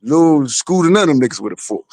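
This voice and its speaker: A man's voice: on the high side, lively intonation, fast, a little mellow, no echo. A man, the father of a boxer, telling a story in blunt, profane casual podcast talk.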